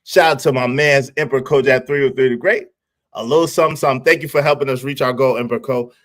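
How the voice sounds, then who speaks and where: A man's voice: medium pitch, fairly even intonation, fast talker, fairly bright tone. A man hosting a live stream in casual chat, talking animatedly, teasing the viewers and laughing often. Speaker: livestream host.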